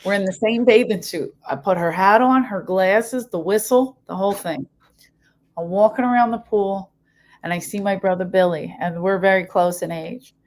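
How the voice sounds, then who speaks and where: A comedian telling stories in casual chat, a woman with a Philadelphia accent, animated and profane. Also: medium pitch. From South Philadelphia. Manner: animated, profane, quick jumps between stories. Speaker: comedian guest.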